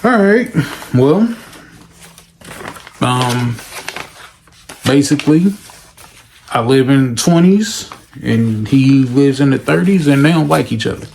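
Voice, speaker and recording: A young man from Los Angeles telling a story casually in a slangy, animated way, acting out every voice. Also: mid-range voice, takes it slowly, gravelly, long pauses, slight background noise. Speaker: vlogger.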